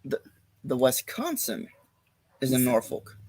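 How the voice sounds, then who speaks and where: A man's voice: mid-range voice, wildly swooping pitch, unhurried, a little mellow, no echo. A man co-hosting a casual livestream chat, goofy and joking. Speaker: co-host.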